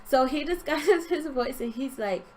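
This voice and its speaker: A young woman telling a story from her dream in an animated, expressive way, acting out sounds. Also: high-pitched, normal speed, a little hiss or hum. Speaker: vlogger. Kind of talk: storytelling vlog.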